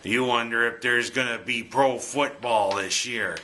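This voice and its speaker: Slow, bright-voiced man. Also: medium pitch, slight background noise. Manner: jokey, punning, breaks into goofy singing. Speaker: sports commentary host. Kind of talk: scripted sports commentary.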